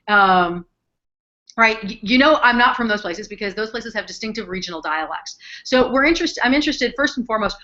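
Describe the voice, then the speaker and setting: A woman, a psychology professor from the northern United States, explaining her research in a chatty, lively way with many ums. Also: a little high, highs cut off. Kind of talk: explaining research in an online chat.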